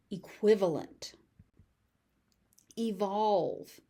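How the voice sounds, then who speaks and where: A woman with an American accent teaching pronunciation, saying each word several times in a slow, careful drill. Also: medium pitch, mellow. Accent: General American. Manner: repeats each word slowly, syllable by syllable.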